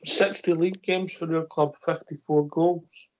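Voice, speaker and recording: Radio host with a higher, dull-sounding voice. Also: male voice, steady tone, unhurried. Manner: brief prompting remarks. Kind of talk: radio interview.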